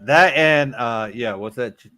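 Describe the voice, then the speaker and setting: A man's voice: medium pitch, measured pace, pushed and bright. A man, a livestream guest joking around, repeating catchphrases and swearing heavily. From Michigan, US. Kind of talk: casual profane banter.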